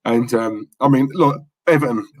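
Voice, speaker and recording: A man's voice: mid-range voice, moderate pace, darkish tone, low-quality recording. A passionate man, co-hosting a live fan stream and ranting from the heart. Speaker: fan channel co-host.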